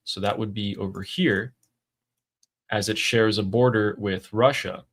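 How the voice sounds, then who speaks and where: A man's voice: lowish voice, fairly even intonation, measured pace, fairly bright tone. A man co-hosting a political commentary show, explaining the news in a casual, emphatic way.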